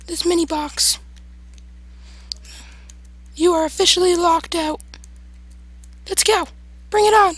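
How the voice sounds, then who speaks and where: A man putting on a shrill falsetto to play a cheeky, mock-friendly taunter with a teasing sing-song manner. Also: slow pace, pauses often, fairly bright tone, heavily acted. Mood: taunting.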